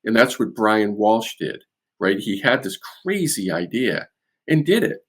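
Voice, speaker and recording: A man with a Boston accent, a guest expert, explaining a case in a measured way with fillers and restarts. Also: fairly low pitch, sing-song, fairly bright tone, breathy edge. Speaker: security and art crime expert guest. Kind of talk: conversational expert analysis.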